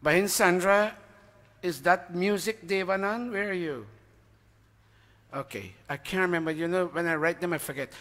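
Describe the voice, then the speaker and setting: A man's voice: high-pitched, a bit bright. A man reading out donor names to a temple gathering in a chatty way, stopping to ask the audience and admitting when he forgets names. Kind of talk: informal announcements to a congregation. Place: temple hall. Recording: reverberant hall.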